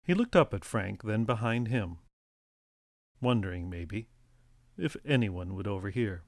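A man reading a story aloud as an audiobook narrator, in a steady, even storytelling manner. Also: lowish voice, a little slow, no echo, clean studio sound.

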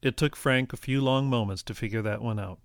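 A man reading a story aloud as an audiobook narrator, in a steady, even storytelling manner. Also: mid-range voice, brisk, dry recording, clean studio sound.

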